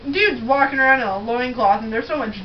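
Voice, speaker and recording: A woman's voice: fairly high pitch, brisk. A young woman in a casual chat, talking bluntly and sarcastically, with lots of swearing. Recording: distant dull lo-fi mic with faint hiss.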